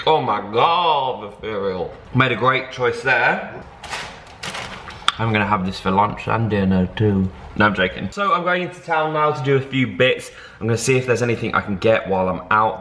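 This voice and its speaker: A young man vlogs in an excited, chatty way, gushing over small things. His voice bounces around a roomy, echoey space. A faint ambient hum sits under it. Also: medium pitch. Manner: bubbly, chatty, exaggerated reactions. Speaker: vlogger. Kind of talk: casual vlog chat.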